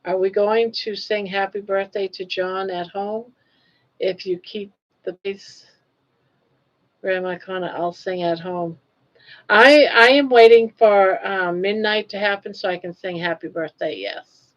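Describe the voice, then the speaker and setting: A woman's voice: fairly even intonation, a little slow. An older woman hosting a casual live stream, chatty and teasing, laughing often. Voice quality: froggy, low-pitched singing voice by her own account. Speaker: livestream host. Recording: dull lo-fi stream audio.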